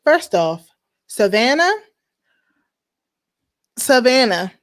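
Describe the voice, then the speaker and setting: A woman hosting a podcast, chatting casually with lively, emphatic slang. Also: on the high side, extremely slow. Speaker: podcast host. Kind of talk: casual chat.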